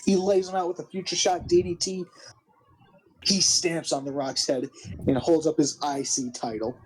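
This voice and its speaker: A man's voice: fairly high pitch, flat delivery, moderate pace, a little hiss or hum, rough recording. A young man giving a casual, rambling recap of a wrestling game, swearing often and restarting his sentences. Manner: rambling, profane, full of restarts and 'like'. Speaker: game commentator.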